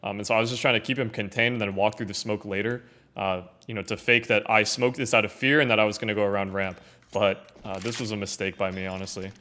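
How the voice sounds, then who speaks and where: A young man giving casual, filler-heavy commentary over his own gameplay footage, often trailing off quietly. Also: fairly low pitch, steady tone, fast talker. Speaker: gaming content creator.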